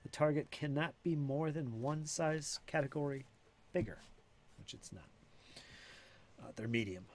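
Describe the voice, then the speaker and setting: A man narrating and explaining rules as game master in a live-play tabletop game, casual and steady. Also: a little high, measured pace, pauses often, slight background noise.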